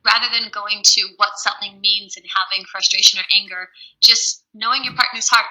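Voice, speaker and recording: A woman's voice: mid-range voice, steady tone, brisk, sharp tone, rough recording. A woman co-hosting a live stream on relationships, speaking earnestly in long, flowing thoughts. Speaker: co-host answering relationship questions. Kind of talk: casual live-stream chat.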